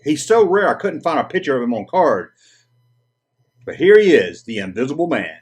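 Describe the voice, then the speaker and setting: A man's voice: a little high, big pitch swings, normal speed, husky. A man with a Southern US accent hosting a casual vintage toy review, chatty and full of corny jokes. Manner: jokey, corny puns, chatty.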